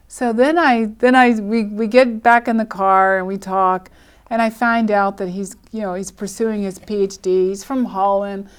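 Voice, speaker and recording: Older woman telling a lively story. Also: mid-range voice, normal speed, smooth. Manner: lively storyteller who acts out quoted speech and laughs often. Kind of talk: telling her life story.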